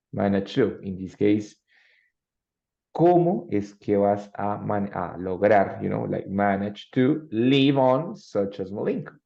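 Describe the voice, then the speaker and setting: A man teaching English in an online class, speaking. His voice sits low with a gravelly edge. He moves between English and as he walks through examples, and the sound is dull and lo-fi. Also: warm tone. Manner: switches between English and Spanish, explaining with examples.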